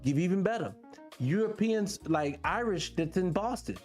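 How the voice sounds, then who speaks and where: A fairly high-voiced man rambles to his audience in a loose, animated monologue, his pitch swinging all over as he keeps asking whether they get it. Faint music plays somewhere behind him. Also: moderate pace. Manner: talks directly to the audience as y'all. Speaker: vlog host. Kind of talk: casual monologue to viewers.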